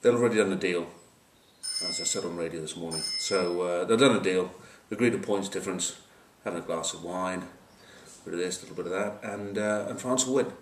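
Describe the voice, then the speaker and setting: Man, rugby pundit, low-ish voice, wry asides, distant camcorder in a roomy space. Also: brisk, slight background noise. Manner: wry, joking asides, many fillers. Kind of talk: casual match preview. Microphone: camcorder mic at a distance.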